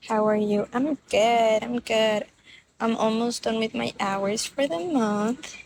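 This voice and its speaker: A woman's voice: fairly high pitch, slow, darkish tone, a little hiss or hum. A young woman chatting casually with viewers on a livestream from a boat, full of "like" fillers, on a phone mic. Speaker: livestream vlogger. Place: on a boat outdoors, windy.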